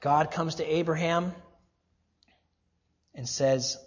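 A man delivering a sermon in an emphatic voice. He leans on rhetorical questions and slows right down to stress the key phrases. The recording sounds dull and lo-fi, with the top end missing. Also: a little high. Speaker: preacher.

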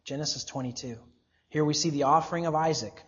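A man delivering a sermon in an emphatic voice. He leans on rhetorical questions and slows right down to stress the key phrases. The recording sounds dull and lo-fi, with the top end missing. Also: a little high, a bit bright. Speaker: preacher.

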